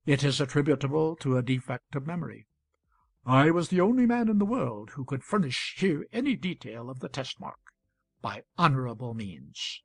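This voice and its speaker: A man reading an audiobook, voicing a townsman who defends himself before a public hall in an earnest, measured, pleading way. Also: medium pitch, creaky, voice pushed down.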